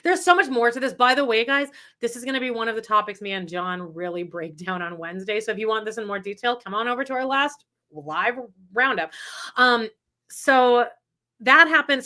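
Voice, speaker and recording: A woman co-hosting a podcast, retelling reality TV gossip in a rambling, animated way. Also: on the high side. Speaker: podcast co-host. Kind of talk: casual gossip chat.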